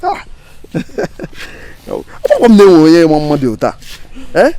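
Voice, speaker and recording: A man's voice: a little high, fast talker. A man playing a bragging rich Nigerian big man. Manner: bragging, flattering. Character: self-important wealthy man boasting of charity.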